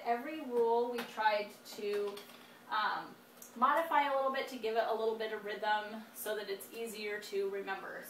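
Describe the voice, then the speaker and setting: A woman in her thirties teaching spelling, dictating words slowly and deliberately with frequent fillers. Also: fairly high pitch, a bit bright. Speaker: homeschool teacher. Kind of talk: instructional demonstration. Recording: echoey room, distant mic, faint noise.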